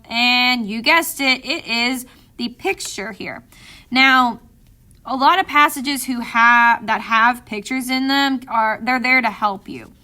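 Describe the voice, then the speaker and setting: Bright high-voiced woman teacher. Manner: patient, explains step by step to students. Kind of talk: classroom reading lesson.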